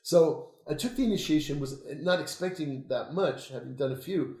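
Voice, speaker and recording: Laughing older man telling animated stories. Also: a little high, normal speed. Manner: animated, laughing storyteller, swears freely. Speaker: interview guest, occultist author. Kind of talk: casual storytelling conversation. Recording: roomy echo.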